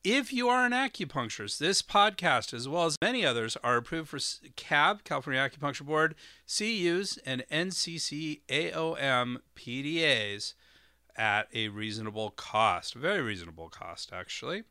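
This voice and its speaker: A man hosting an educational podcast, explaining terms in a relaxed, meandering way with frequent fillers. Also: fairly high pitch, moderate pace, smooth, no room sound, studio quality. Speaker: podcast host.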